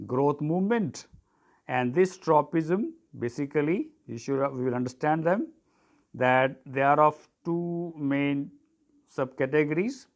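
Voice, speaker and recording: Man teaching a biology lesson. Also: fairly high pitch. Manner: dictating, repeats terms and spells them out.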